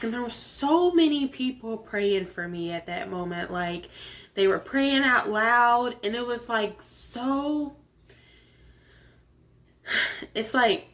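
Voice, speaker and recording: Woman host with a sore throat, telling her own story in an animated way and voicing the people she quotes. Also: fairly high pitch, takes it slowly. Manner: animated, acts out quoted voices, frequent laughs. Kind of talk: personal storytelling.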